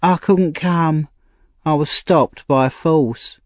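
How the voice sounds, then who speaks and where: A male narrator voicing a frightened, troubled young woman in a high, slow, pleading voice for an audiobook. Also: no room sound. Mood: fearful pleading. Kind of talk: audiobook character reading.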